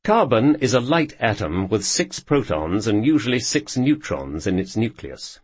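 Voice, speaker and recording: A man narrating a nonfiction audiobook in a measured, wry storytelling manner. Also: lowish voice, very animated, husky, no echo.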